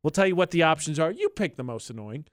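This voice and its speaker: A man's voice: sing-song, quick pace, no echo. A man with a dry, self-mocking way of talking, co-hosting a casual radio show and reading its promos. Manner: dry, self-mocking, low-key delivery. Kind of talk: casual morning show banter.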